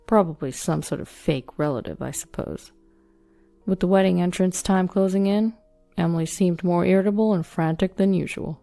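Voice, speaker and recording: A woman reading a first-person story as scripted narration, in an even, plain manner. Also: lowish voice, moderate pace, creaky, no room sound. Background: soft background music.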